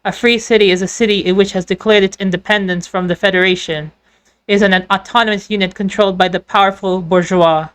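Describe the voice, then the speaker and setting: A woman narrating a game story in a voiced playthrough, telling it in a lively storyteller manner. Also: medium pitch, fast, smooth. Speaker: fan dubber narrating a game.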